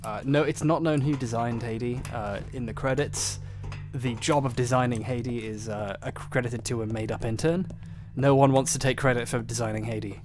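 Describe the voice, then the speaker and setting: A man chatting casually on a game stream, dryly sarcastic and often trailing off quietly. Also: medium pitch, steady tone, moderate pace. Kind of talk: casual gaming stream chat.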